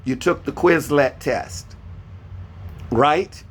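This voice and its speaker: A man's voice: fairly high pitch, drawn-out words. A man teaching a beginner Spanish lesson over a video call, patiently repeating each question and spelling words out letter by letter. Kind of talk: online beginner language lesson.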